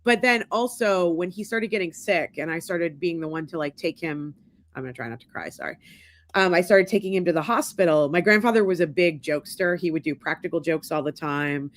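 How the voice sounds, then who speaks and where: A woman's voice: on the low side, brisk, few pauses. A woman in her forties co-hosting a podcast, telling a family story in casual chat and acting out the quotes. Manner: animated storyteller, acts out quotes. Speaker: podcast co-host.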